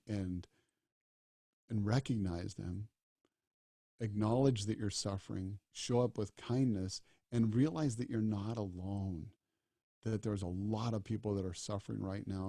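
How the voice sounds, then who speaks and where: Earnest storytelling man, low and mellow. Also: no room sound, studio quality. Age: middle-aged. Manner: earnest storyteller acting out dialogue. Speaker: disaster doctor and speaker. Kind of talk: storytelling talk.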